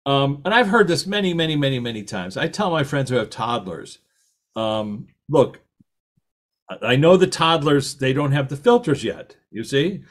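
A middle-aged man with a lively, anecdotal way of talking, telling stories in a talk and acting out the quoted voices. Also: medium pitch, moderate pace. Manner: animated, anecdotal, laughs at his own stories, acts out quotes. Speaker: author and podcast host giving a talk. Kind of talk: storytelling talk.

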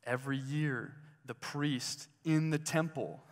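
A man's voice: a little high, steady tone, takes it slowly. A man preaching a sermon in a conversational way, asking his listeners questions as he goes. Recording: hall reverb.

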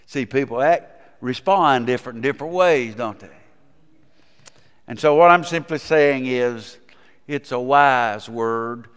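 A man's voice: medium pitch, measured pace, fairly bright tone, clean tone. A man, a pastor preaching a sermon in a folksy storytelling manner and putting questions to the congregation. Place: church sanctuary. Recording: long reverb in a church sanctuary.

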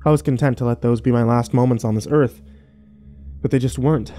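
A man narrating a first-person horror story slowly and wistfully, with small restarts. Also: mid-range voice, fairly even intonation, mellow, soft background music.

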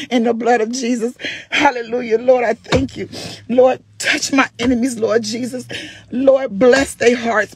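Husky woman, laughing through tears. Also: a little high, no echo. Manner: laughing and crying, fervent, preacherly. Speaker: vlogger. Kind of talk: emotional testimony to followers.

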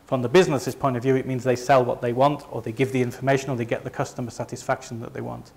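This company presenter, a chatty man from Leeds in northern England, gives a conference talk to a live audience in a Northern English accent. His medium-pitched voice stays level and a little mellow, with vocal fry and a quick pace. He is conversational and self-deprecating and keeps restarting his sentences.

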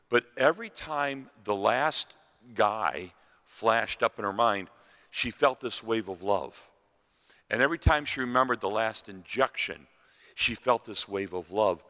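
A man telling a dramatic story as a festival sermon, pausing and repeating phrases for effect. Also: medium pitch, lively intonation, pushed and bright. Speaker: festival speaker. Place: large hall at a festival. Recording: reverberant hall.

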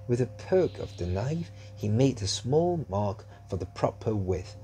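A man narrating a children's story in a slow, measured reading. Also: mid-range voice, big pitch swings, warm tone, soft background music.

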